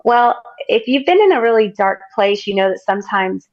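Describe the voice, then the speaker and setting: A woman's voice: mid-range voice, animated, normal speed, no echo, dull audio. A woman guest recounting her story as a testimony, earnest and emphatic, repeating phrases for weight. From United States.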